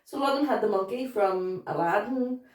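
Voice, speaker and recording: A woman's voice: medium pitch, brisk, a little mellow. A woman, co-hosting a tipsy casual chat, giggly and rambling, swearing as she tells stories. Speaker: podcast co-host. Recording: echoey room, distant mic.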